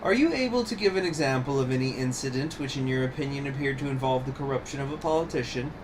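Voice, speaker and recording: A man's voice: medium pitch, fast, background noise, pitched above the performer's own voice, natural voice. A man voicing a stern, contemptuous revolutionary judge, reading game dialogue aloud in a cold, accusing tone.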